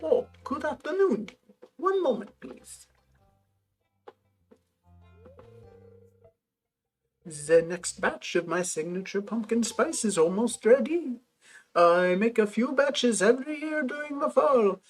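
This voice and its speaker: A woman's voice: a little high, lively intonation, a little slow, slightly rough, voice pushed up. A woman voicing a cheery middle-aged male shopkeeper in a hammy mock French accent. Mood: jolly.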